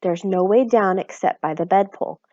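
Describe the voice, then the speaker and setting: A woman's voice: normal speed, mellow, dry recording, muffled recording, close to an everyday voice. A woman reading aloud and voicing an anxious, fussy tiny mother who talks in a worried, exclaiming way. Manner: worried and exclaiming, raised pitch. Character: anxious fussy tiny mother, middle-aged, sharp-tongued.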